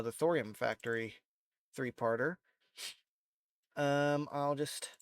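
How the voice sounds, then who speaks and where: A man's voice: mid-range voice, dry recording. A man with a nasal, congested voice from allergies, giving a casual, rambling tutorial into a desk microphone at home and often correcting himself. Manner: rambling, relaxed, self-correcting. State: stuffy with allergies, sniffling and coughing. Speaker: video creator. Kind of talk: casual screen-recorded tutorial.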